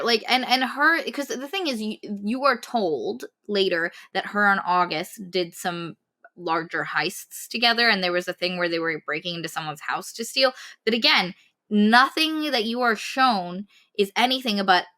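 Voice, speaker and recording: Bright, animated woman podcast co-host. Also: medium pitch, normal speed. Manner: animated, exasperated critique. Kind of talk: casual book-review chat.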